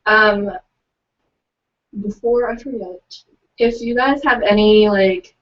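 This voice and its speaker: A young woman co-hosts a live online writing event, chatting casually and reading out excerpts. Her medium-pitched voice is steady and slow, but she's hesitant, with many fillers and giggles between lines; the audio is muffled because she's far from the mic.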